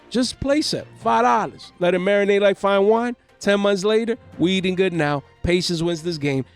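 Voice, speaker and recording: A man hosting a trading-card market channel, talking in excitable, slangy hype and repeating his catchphrases. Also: a little high. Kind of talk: hyped market commentary. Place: home.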